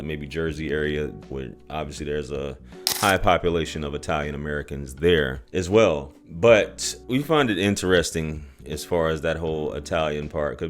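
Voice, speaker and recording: A man with a very deep voice hosts a podcast, musing out loud in a relaxed, conversational way. He throws in little asides as he thinks things through. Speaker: podcast host. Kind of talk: casual commentary.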